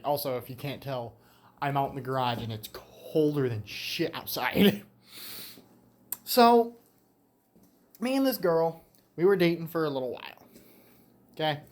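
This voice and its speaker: Rambling teenage guy telling a story. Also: sits high. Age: late teens. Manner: rambling, with restarts and casual swearing. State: slightly winded. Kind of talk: casual storytime monologue. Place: garage on a cold day.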